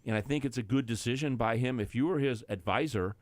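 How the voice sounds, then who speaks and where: A man's voice: medium pitch, quick pace, dry recording. A man giving confident, opinionated football analysis as a guest on a sports radio show.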